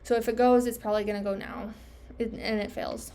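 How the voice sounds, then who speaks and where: A woman's voice: a little high, little pitch movement, fairly quick, dark tone, a little hiss or hum. A young woman trader thinking aloud over her charts, self-critical and trailing off, losing her voice. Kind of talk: casual self-talk screen recording.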